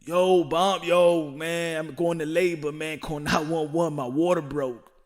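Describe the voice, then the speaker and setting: A man plays a streetwise bro grumbling about pregnancy and labor, dropping yo and man into every line. The voice sits a little lower and quieter than his usual talk, which itself runs fairly high for a man. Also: fairly even intonation, unhurried, lightly acted. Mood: joking. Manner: slangy, calls everyone man and yo.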